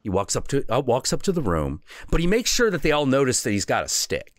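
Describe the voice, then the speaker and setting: Lively, crude male storyteller. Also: medium pitch, quick pace, no echo, studio quality. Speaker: streamer host. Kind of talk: casual storytelling on a stream.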